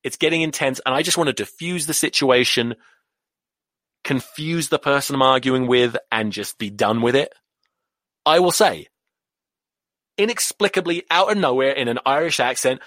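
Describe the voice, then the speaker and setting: An English man in his thirties rants on his podcast with a pitch that swings up and down all the time. He swears freely and keeps drifting into side stories. His voice sounds close and dry, with no room echo. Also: normal speed, long pauses. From England. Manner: animated, sweary, rambling off on tangents. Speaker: podcast host. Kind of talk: casual rugby rant.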